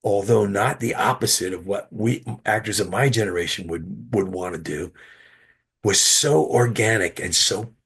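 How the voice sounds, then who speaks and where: A man guest, an actor, telling animated stories in an interview with frequent restarts, heard over a video call. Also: on the low side, moderate pace, breathy edge. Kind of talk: interview storytelling.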